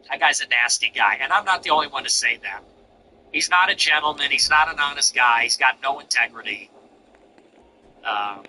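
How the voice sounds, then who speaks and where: A man's voice: on the high side, sharp tone, a little hiss or hum, low-quality recording. A man hosting a livestream, chatting bluntly and telling brash stories. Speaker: livestream host. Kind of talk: livestream chat.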